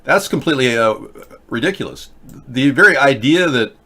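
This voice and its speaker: Rambling middle-aged male host, halting. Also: medium pitch, animated, sharp tone, husky. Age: 50s. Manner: rambling, many hesitations and restarts. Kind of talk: casual political commentary.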